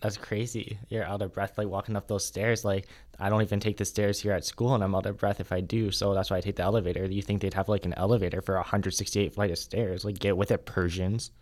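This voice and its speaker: Young man, co-host, teasing banter, slightly low pitch. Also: little pitch movement, fast, few pauses, a little mellow. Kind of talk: casual teasing chat.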